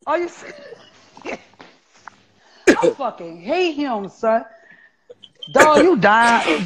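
A man, telling stories loudly and profanely in a casual chat. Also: very high voice, very slow, long pauses, over a noisy crowd. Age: 40s. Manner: loud, profane, animated storytelling. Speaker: guest. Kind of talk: casual live-stream chat. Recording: dull lo-fi sound.

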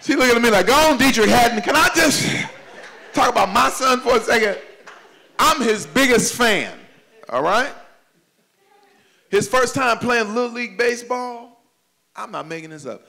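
Lively, gravelly-voiced male comedian. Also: extremely high pitch, normal speed, pauses often. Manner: animated storytelling, shouting punchlines. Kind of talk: stand-up comedy. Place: church event hall before a live audience.

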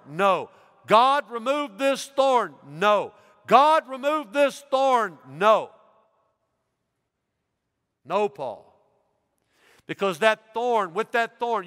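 Preaching older man in echoing hall. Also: on the high side. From United States. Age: 60s. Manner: emphatic preaching, dropping soft then rising loud. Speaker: pastor. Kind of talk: sermon. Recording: long reverb of a church hall.

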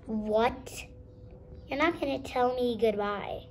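A protective mother horse fusses and pleads in a homemade horse story, played by a woman. The voice is high and slow-paced. A soft hiss sits behind it. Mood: fussing. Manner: pleading, fussing. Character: protective mother mare, clingy.

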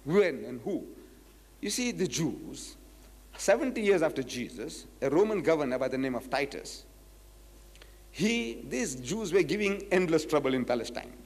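A man's voice: a little high, very animated, moderate pace, long reverb tail. Emphatic man lecturing. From South Africa. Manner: emphatic, rhetorical questions, acts out quoted speakers. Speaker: Islamic lecturer. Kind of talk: public lecture, reading quotes from a book.

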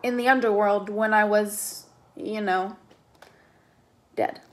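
A woman voicing a calm, stern teenage girl who speaks firmly. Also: mid-range voice, takes it slowly, lightly acted. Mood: matter-of-fact. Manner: stern, firm.

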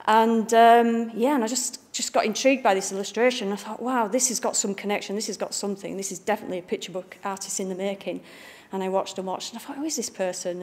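Bubbly woman with a northern English accent. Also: mid-range voice. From Bradford, northern England. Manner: chatty, bubbly, jokey. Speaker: picture book art director giving a talk. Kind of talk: informal public lecture. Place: library event room with a live audience.

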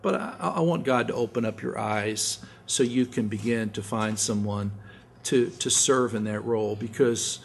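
A male pastor preaching a sermon in an earnest way, often repeating words as he restarts and sometimes dropping to a soft hush. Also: lowish voice, moderate pace, gravelly, slight background noise. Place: church sanctuary.

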